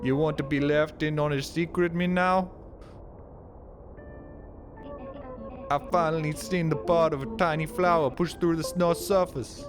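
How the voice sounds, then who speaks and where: A man voicing a male game character, reading his lines in a put-on accent with a mock-dramatic, drawn-out delivery. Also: fairly high pitch, fairly even intonation, music in the background, pitched above the performer's own voice, natural voice. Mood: mock-solemn.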